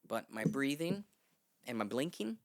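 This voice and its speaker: A man's voice: medium pitch, a little slow. A man as a podcast guest, telling a long story in a casual, rambling way, swearing freely and acting out what people said. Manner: rambling, animated, swears freely, acts out quotes. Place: podcast studio.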